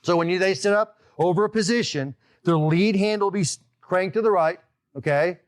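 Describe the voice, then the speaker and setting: A man hosting a live online golf lesson as instructor, talking in an energetic, emphatic way and often checking in with "okay?". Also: sits high, normal speed. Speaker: golf instructor and show host.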